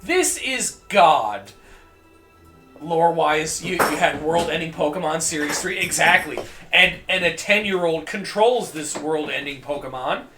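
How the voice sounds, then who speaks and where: A man streaming a video game, rambling and joking with profanity, often coughing and clearing his throat. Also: fairly high pitch, moderate pace, few pauses, echoey room, music in the background. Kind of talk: casual gameplay commentary.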